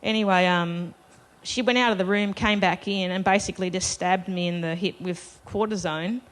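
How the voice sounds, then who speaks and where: Woman telling a story on stage, slightly low voice. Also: fairly even intonation, moderate pace. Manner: chatty, self-deprecating, laughs while telling. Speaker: festival panel speaker. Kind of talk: storytelling to a live audience. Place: live festival stage.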